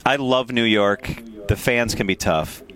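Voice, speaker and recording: A man's voice: medium pitch, a bit bright. A man hosting a radio talk show, chatting casually and with enthusiasm. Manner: enthusiastic, quick to agree. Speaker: radio host.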